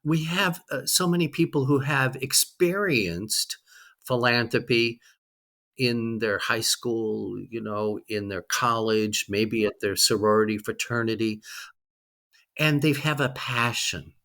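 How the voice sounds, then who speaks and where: A man's voice: medium pitch, slow pace, bright, forceful tone. A man in his sixties, a guest on an interview podcast, speaking reflectively with frequent ums. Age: 60s. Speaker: guest, fundraising leader.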